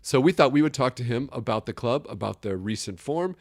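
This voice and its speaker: A man co-hosting a casual podcast chat, joking and laughing often, with sudden high exclamations. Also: lively intonation, brisk, gravelly, darkish tone, no echo. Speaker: podcast co-host. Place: Chicago area.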